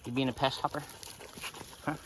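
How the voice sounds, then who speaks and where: A man's voice: mid-range voice, flat delivery, brisk, poor audio. A man filming his backyard farm, casually chatting and coaxing his animals in a teasing way, outdoors. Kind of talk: casual vlog narration. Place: outdoors in a farmyard. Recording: loud outdoor background noise.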